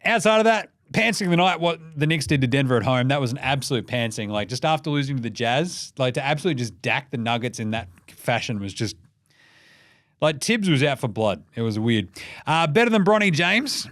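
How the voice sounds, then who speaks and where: A young man with an Australian accent hosting a casual basketball recap, sweary and excitable, rambling between scores and jokes. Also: mid-range voice, a little fast, no room sound, studio quality. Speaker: NBA recap podcast host.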